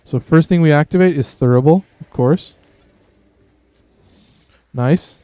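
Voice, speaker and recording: A man hosting a game stream, chatting in a laid-back way with bursts of excitement. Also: on the high side, unhurried, clear, resonant tone, no echo. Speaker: streamer host. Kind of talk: gameplay commentary.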